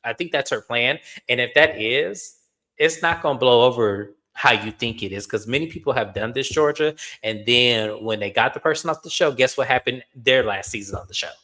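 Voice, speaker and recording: A man hosting a reality TV recap in casual commentary, blunt and animated, swearing freely and talking to viewers as y'all. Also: mid-range voice, normal speed.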